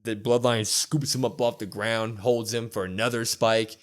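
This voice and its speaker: A man co-hosting a podcast, excitedly retelling a show and acting out the quotes. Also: on the low side, moderate pace. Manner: animated storytelling, acts out quotes with loud whoops. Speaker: wrestling podcast co-host. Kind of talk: excited casual recap.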